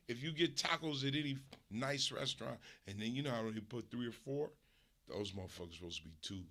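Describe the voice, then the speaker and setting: A man from the US West Coast, a streamer host, delivering a casual, profane, animated comedic rant. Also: mid-range voice, a little fast.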